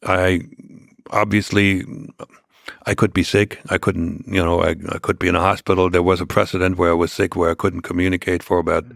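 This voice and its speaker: An older man, a podcast guest, telling a long story in a halting way with many restarts. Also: low voice, little pitch movement, creaky, dry recording, studio quality. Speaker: interview guest.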